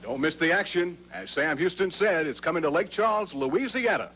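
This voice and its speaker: A man's voice: a little high, animated, moderate pace, a bit bright, slightly rough, muffled recording. A man reading scripted promotional announcements for a televised wrestling show.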